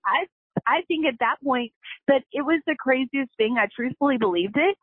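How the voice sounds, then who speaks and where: A woman's voice: high voice, animated, normal speed, slightly rough, no echo. A woman, a company founder, telling her story as a guest in an earnest, emotional way. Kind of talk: casual storytelling interview. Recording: tinny phone line, dry.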